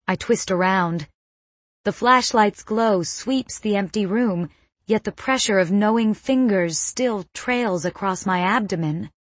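Woman reading a suspense novel aloud, slow and measured, dry close mic. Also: medium pitch, dry recording. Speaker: audiobook narrator. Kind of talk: first-person novel narration.

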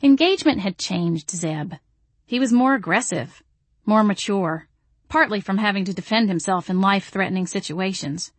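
A woman narrating a first-person audiobook in a wry, deadpan way. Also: medium pitch, moderate pace, no echo.

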